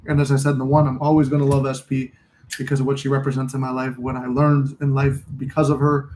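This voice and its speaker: A man's voice: medium pitch, little pitch movement, quick pace, a little mellow, slight background noise, poor audio. A man hosting a casual livestream, talking candidly in a rambling way, cursing freely and reading out and answering viewer comments. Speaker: livestream host.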